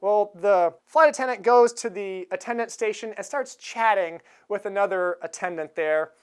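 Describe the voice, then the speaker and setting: A woman's voice: medium pitch, normal speed, clean tone. A woman giving a sermon in a conversational manner, chuckling now and then as she tells stories. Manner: conversational, chuckles while retelling a film scene. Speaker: preacher.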